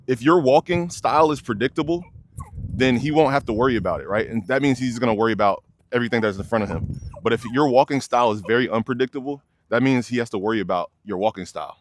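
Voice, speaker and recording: A man's voice: medium pitch, fast talker, a little hiss or hum. A young man, a dog trainer, explaining leash work casually outdoors and addressing viewers as y'all. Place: outdoors by a fence near many dogs.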